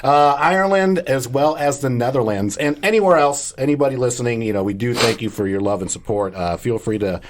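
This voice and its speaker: A young man, hosting a casual podcast and giving upbeat shout-outs. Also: mid-range voice, a little fast, few pauses, a little hiss or hum. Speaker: podcast host. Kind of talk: casual chat.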